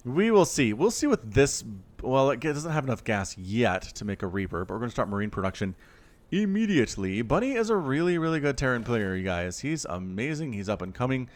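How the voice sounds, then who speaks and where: A man's voice: medium pitch, sing-song, brisk. A man casting a strategy game match on his own, chatting straight to his viewers as he explains the play. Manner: chatty, addresses viewers directly. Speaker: esports caster. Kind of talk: solo game commentary.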